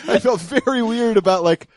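A man's voice: sits high, measured pace. A man co-hosting a comedy podcast, talking wryly, laughing often and restarting his sentences. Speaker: podcast co-host. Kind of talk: casual comedic chat.

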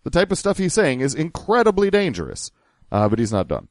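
A man's voice: a little high, huge pitch swings, brisk, background noise. A man hosting a podcast, wryly picking apart a clip in casual chat. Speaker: podcast host. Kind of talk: casual chat reacting to clips.

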